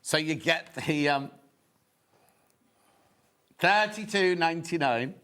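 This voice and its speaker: Give me a chatty male TV shopping host with a slightly high voice. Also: takes it slowly. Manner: chatty and excitable, full of asides and sales counts. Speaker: shopping channel presenter. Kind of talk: live TV shopping presentation. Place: TV studio.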